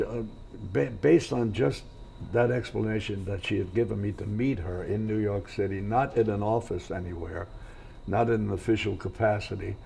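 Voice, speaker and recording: An older man talks in a low, gravelly voice as he spins rambling stories from his career, dropping into the voices of the people he quotes. A faint hiss sits behind him. He sounds at ease in a hotel room. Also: mellow. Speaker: actor guest. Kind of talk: casual interview storytelling.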